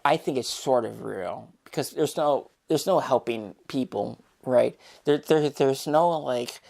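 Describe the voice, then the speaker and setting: A woman's voice: very deep voice, measured pace, vocal fry, warm tone. A young woman vlogger talking straight to camera, rambling and swearing in an exasperated rant. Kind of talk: casual opinion rant.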